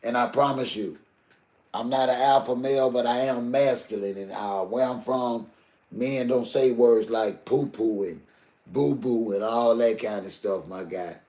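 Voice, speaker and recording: An older man hosting a live stream. His voice is gravelly and grainy, and it bounces around an echoey room. He talks to his chat in a heated, preachy way. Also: mid-range voice, measured pace, mellow. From Southern US. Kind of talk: emotional live stream talk.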